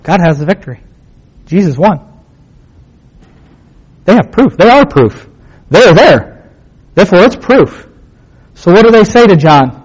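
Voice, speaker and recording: A man's voice: high voice, sing-song, a little slow, long pauses, husky, low-quality recording. A man teaching a Bible passage in a casual sermon, asking rhetorical questions and repeating points for emphasis in plain, conversational words.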